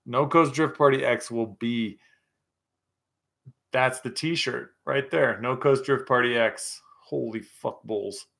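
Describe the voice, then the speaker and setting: A man's voice: mid-range voice, fairly even intonation, slow pace, creaky, a bit bright. A young man hosting a casual livestream chat, a bit tipsy from scotch, rambling and swearing as he reads chat and tells stories. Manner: rambling, profane, laughing storyteller. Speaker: livestream host.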